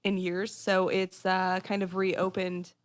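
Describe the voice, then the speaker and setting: A woman appearing as a podcast guest, chatting casually and explaining herself quickly. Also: fairly low pitch, completely flat delivery. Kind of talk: casual chat.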